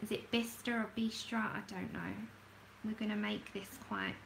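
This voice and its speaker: A woman's voice: medium pitch, flat delivery, moderate pace, gravelly, background noise. A woman chatting casually as she hosts a livestream, talking to herself while she works and often laughing at herself. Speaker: livestream host swatching colour pencils.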